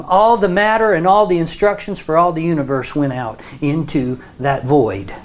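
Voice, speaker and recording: Slow-paced Bible teacher. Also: mid-range voice, a little mellow. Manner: frequent check-ins with listeners; repeats and restarts phrases.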